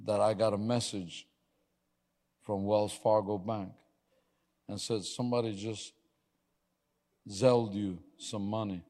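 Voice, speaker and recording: Preaching man in a reverberant hall. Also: mid-range voice. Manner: storytelling with laughs, rising to loud exhortation. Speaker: pastor. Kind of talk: sermon.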